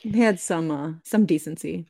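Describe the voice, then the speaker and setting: Blunt, quick-reacting young woman, dry sound. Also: deep voice, vocal fry, warm tone, no room sound. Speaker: podcast co-host. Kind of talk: casual chat, reacting.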